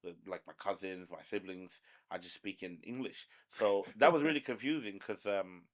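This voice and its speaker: A man with an American accent, a native Bangla speaker, telling stories in relaxed podcast chat with plenty of fillers. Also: sits low, moderate pace. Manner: relaxed storytelling, many fillers. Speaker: podcast host. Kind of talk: casual chat.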